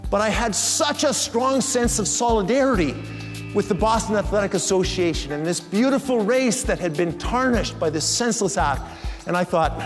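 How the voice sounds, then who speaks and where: A man's voice: high voice, moderate pace. A middle-aged man telling a story as a motivational keynote speaker and acting out the lines he quotes. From Canada. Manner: animated, acts out the lines he quotes. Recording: reverberant hall with faint music.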